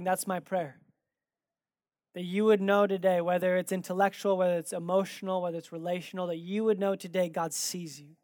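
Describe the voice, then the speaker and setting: Conversational pastor telling stories, dry sound. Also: male voice, sits high, no echo. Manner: animated, acts out quoted dialogue in his stories. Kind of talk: sermon with conversational storytelling.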